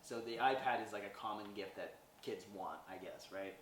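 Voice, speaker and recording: A man's voice: lowish voice, moderate pace, recorded from a distance, very noisy. A man hosting a podcast, recapping a movie in a rambling, chatty way and acting out the characters' lines. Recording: roomy sound from away from the mic.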